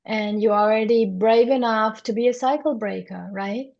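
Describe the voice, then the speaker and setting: A woman's voice: fairly high pitch, steady tone, moderate pace, creaky, a little mellow. A woman hosting a podcast interview, often affirming her guest and asking questions. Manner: affirming, frequent agreement sounds. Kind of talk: interview conversation. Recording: dull lo-fi sound.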